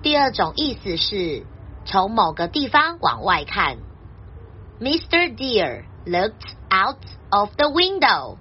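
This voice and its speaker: A woman translating a children's story and explaining vocabulary in a clear, gentle teaching voice. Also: mid-range voice, big pitch swings, slow, dull audio, slight background noise.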